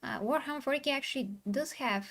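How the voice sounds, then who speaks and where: A woman's voice: high-pitched, quick pace, a bit bright. A woman hosting a casual livestream, chatting and reading posts aloud with a sarcastic edge. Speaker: streamer host.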